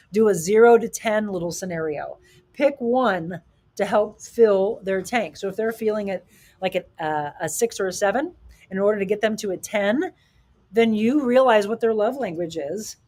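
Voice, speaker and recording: A middle-aged woman hosts a live talk, speaking with animated, emphatic energy. She often poses rhetorical questions to her viewers and reads their comments aloud. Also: mid-range voice. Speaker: show host.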